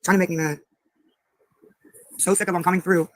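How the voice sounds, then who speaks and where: Fast, angry, cursing livestreamer voice. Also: medium pitch, steady tone, dry recording, poor audio. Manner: angry and profane, snapping at chat comments. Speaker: livestreamer asking for donations. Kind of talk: live stream talk to chat.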